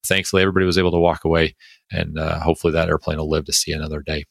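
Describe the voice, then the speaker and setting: A man's voice: a bass voice, completely flat delivery, racing, gravelly, no echo. An American man hosting a podcast interview, chatty and self-deprecating, with lots of fillers. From United States. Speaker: podcast host. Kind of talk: casual interview chat.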